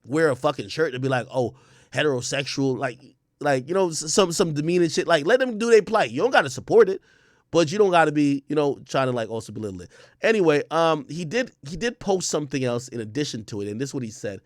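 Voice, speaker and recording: A man hosting a livestream in casual, blunt commentary, swearing freely and hammering his points home. His voice sits fairly high for a man, and it comes through dry and close on the mic. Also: animated, fast talker, dry recording. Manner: blunt, profane, emphatic, repeats himself. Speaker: livestream host.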